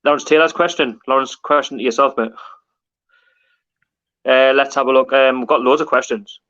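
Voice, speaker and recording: A man with a medium-pitched, slightly bright voice and fairly even intonation talks at a moderate pace. He's hosting a casual livestream, chatting with guests and reading viewer comments aloud, over dull lo-fi stream audio.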